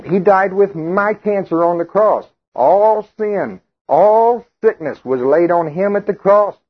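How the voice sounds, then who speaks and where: Man, preacher, sermon, husky, muffled lo-fi recording. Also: sits high, takes it slowly. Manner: reads scripture in King James wording, then explains it conversationally; jokes with the congregation and calls on people by name.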